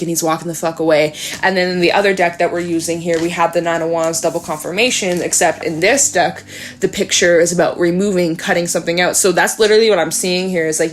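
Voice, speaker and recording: A woman reading tarot cards in a loose, unscripted way. She talks fast and chatty, swears freely and often breaks into laughter. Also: on the low side, slight background noise. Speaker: tarot reader.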